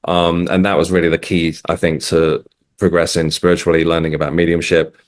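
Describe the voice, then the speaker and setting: A man with a very deep, low-pitched voice, speaking as an interview guest in an easy conversational way. He is middle-aged and from England. He pauses often, restarts sentences and fills gaps with "um" as he works through a long personal account. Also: little pitch movement. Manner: hesitant, restarts, many ums. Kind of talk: casual interview storytelling.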